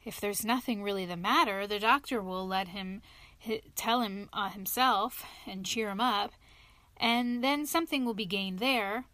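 A woman's voice: mid-range voice, a little slow, sharp tone, no room sound. A woman reading a storybook, voicing a kindly, practical male water rat who talks in a hearty, bracing way. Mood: hearty, brisk.

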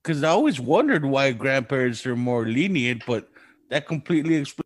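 A man's voice: medium pitch, expressive, moderate pace, no room sound, studio quality. Laid-back guy hosting a podcast, mid voice, swears a lot, easily impressed. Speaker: podcast host. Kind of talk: casual podcast chat.

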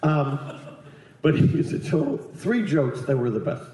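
A man with a slightly high voice spins a crude, rambling comic story in casual chat. He keeps jumping into loud put-on voices for the people in it. The sound bounces around a very echoey room. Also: sing-song, unhurried. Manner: rambling, profane, acts out other people's lines with big voice jumps.

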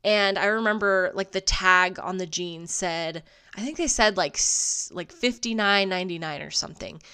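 A woman's voice: lowish voice, moderate pace, pushed and bright, clean tone. A woman hosting a solo podcast, telling stories in a casual, profane, sarcastic way and laughing often. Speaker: podcast host.

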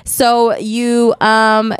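A woman's voice: fairly high pitch, monotone, very slow, clean tone, no room sound. A woman co-hosting a casual podcast, reading stories aloud and chatting about them. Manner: laughs often, reads then comments.

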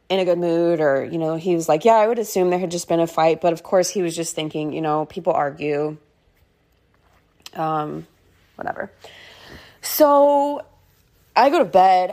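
A woman's voice: fairly low pitch, darkish tone. A woman in her thirties hosting a podcast, telling a personal story in a casual, rambling way full of filler words. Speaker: podcast host.

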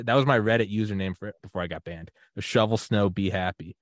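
Talking quickly with hardly any pauses, a man with a fairly low voice hosts a podcast, spinning stories in casual conversation and performing the voices of those he quotes. There's no echo on the recording.

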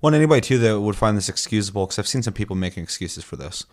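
A man's voice: lowish voice, animated, rapid-fire. Profane ranting male podcast host. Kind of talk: casual gaming podcast chat.

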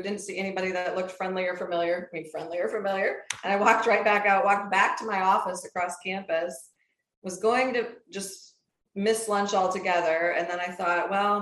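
A woman in her fifties from Minnesota, with a Minnesota accent, telling a personal story as an interview guest in a lively, animated way. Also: fairly low pitch, a little hiss or hum. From Minnesota, United States. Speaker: guest, professor. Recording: roomy echo.

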